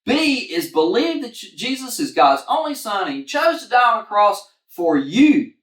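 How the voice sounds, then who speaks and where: A woman's voice: fairly high pitch, big pitch swings, a little slow. Upbeat woman teaching children, encouraging, in an echoey room. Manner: upbeat, encouraging, talks straight to kids. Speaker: kids ministry leader. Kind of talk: livestreamed children's church lesson.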